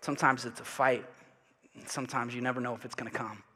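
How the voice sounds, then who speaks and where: A male pastor preaching a sermon, swinging from loud passionate preaching to quiet confiding asides and leading the congregation in call and response. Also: medium pitch, steady tone, fast talker, slightly rough, big-room sound. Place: church sanctuary.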